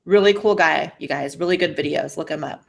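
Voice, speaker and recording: A woman's voice: low-pitched, fairly quick, vocal fry. A woman hosting a casual livestream and reading super chats aloud, blunt and profane, on a faulty mic that keeps cutting out. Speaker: livestream host.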